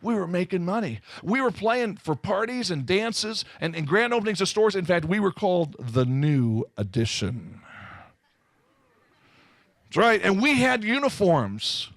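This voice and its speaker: A man from Southern California telling his life story to an audience, animated and full of self-mocking humor. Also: high-pitched, measured pace, no echo. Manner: animated storytelling, acting out quoted voices. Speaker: speaker giving his testimony. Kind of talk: testimony to a live audience.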